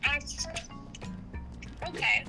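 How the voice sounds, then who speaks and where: A woman's voice: very slow, pushed and bright, faint music behind, rough recording. A young adult woman talking casually with her spouse, rambling and hesitant with many fillers. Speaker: streamer's spouse. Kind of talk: casual conversation.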